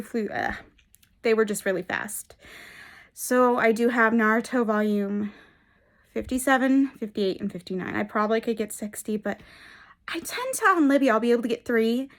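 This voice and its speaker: A young adult woman chatting casually in a reading vlog, gushing and enthusiastic, rambling with frequent restarts. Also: medium pitch. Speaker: book vlogger.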